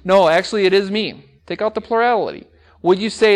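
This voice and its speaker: Upbeat teacher with a higher voice. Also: male voice, a little fast. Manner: energetic, asks the class questions, repeats words for emphasis. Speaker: English teacher and speech coach. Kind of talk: classroom lecture.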